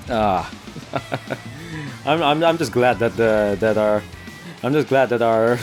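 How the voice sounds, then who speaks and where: A man's voice: fairly low pitch, a little mellow. A man with an American accent giving casual gameplay commentary, laughing often and tripping over his own restarts. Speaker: let's play gamer.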